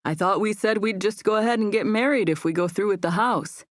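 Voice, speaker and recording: A woman's voice: medium pitch, a little fast, dry recording, close to an everyday voice. A woman voicing a laid-back young man who teases in a dry, matter-of-fact way. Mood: teasing.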